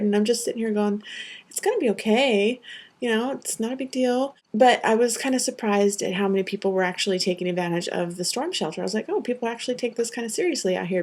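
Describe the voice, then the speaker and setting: A woman's voice: medium pitch, a little mellow. A young woman telling a personal story to camera, earnest and rambling with many fillers. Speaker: vlogger recounting a tornado.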